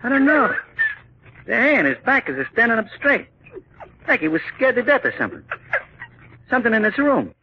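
Crude thug henchman, lively voice, dull old radio broadcast with hiss. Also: very high voice, fairly quick, long pauses, full character voice. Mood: gruff. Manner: coarse, ungrammatical speech. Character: rough male henchman and animal trainer, crude. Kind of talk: 1940s radio acting.

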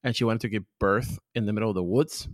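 A man speaking English with a Spanish accent, a podcast guest telling stories in a lively, profane, joking way. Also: fast, no room sound, clean studio sound. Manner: animated storyteller, big pitch jumps, profane. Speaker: podcast guest, content creator. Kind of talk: casual interview chat.

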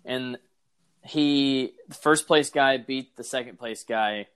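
A man's voice: mid-range voice, slow, a bit bright, clear, resonant tone. A man co-hosting a podcast in casual chat, rambling through stories, acting out quotes and swearing. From Arkansas. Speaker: podcast co-host.

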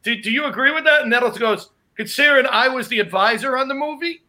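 Casting note: male comic, high bright voice, animated raconteur. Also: fast, a little hiss or hum. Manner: animated anecdote telling with laughs. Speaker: comedian. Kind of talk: casual storytelling chat.

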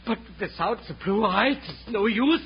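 A flustered jewelry courier who talks in frantic, stammering broken English. The voice is very high and leaps up and down. It comes from an old, muffled radio recording with a light hiss. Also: male voice, animated, normal speed, vocal fry. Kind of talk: 1950s radio drama acting.

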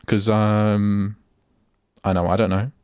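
A man's voice: on the low side, little pitch movement, takes it slowly, a little mellow, clear, resonant tone, no echo, clean studio sound. A young man hosting a solo radio show, rambling and chatting casually, often breaking off mid-sentence. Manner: rambling, self-interrupting, chatty. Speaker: radio host. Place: radio studio.

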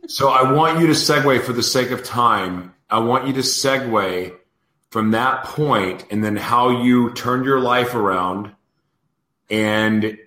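A man's voice: medium pitch, slow pace, pushed and bright, reverberant. A male host giving brief reactions and steering his guest in an interview.

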